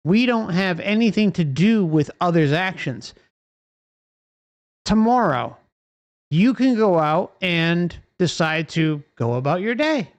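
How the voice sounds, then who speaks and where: A streamer rants at an unhurried, deliberate pace. The delivery is heated and profane, driven by repeated rhetorical questions to the audience. The sound is dry and close, as if from a desk mic. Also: mid-range voice, animated, no echo. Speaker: livestream host. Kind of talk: impassioned livestream rant.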